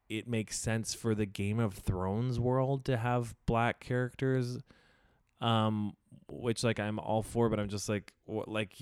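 Young man, deep voice, casual diary vlog, blunt and rambling, dry sound. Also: a little mellow, dry recording. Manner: blunt, rambling, profane, frequent "like" fillers. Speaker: video diarist.

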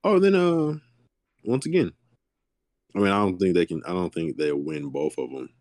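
A man co-hosting a podcast, talking basketball in a laid-back way with drawn-out fillers. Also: deep voice, animated, darkish tone, dry recording, studio quality. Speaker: podcast co-host. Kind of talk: casual sports chat.

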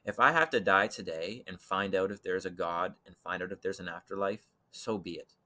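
Bright-voiced man telling an eerie story. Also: deep voice, a little fast. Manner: animated, acts out voices, swings from loud to hushed. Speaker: podcast guest telling a personal story. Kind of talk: dramatic storytelling in conversation.

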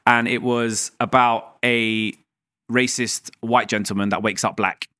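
A man, a guest at a live podcast event, telling stories in lively, slangy chat. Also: medium pitch, no echo, studio quality. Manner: animated storyteller, slangy, fast chatter. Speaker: guest, dentist. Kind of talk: casual live interview chat.

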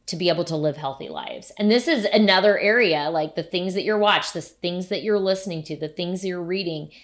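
Woman, lowish voice, podcast co-host, reflective, measured. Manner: reflective, measured, searching for words. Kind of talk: casual podcast conversation.

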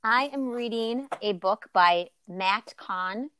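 A woman's voice: fairly high pitch, slow pace, pushed and bright, slight background noise. A woman guest on a podcast chatting casually, playful and enthusiastic. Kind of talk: casual interview chat.

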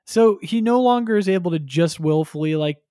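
A man's voice: high voice, expressive, a little fast, dark tone, no echo, studio quality. A man chatting casually on a podcast, retelling a story and acting out characters with crude humor. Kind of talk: casual chat.

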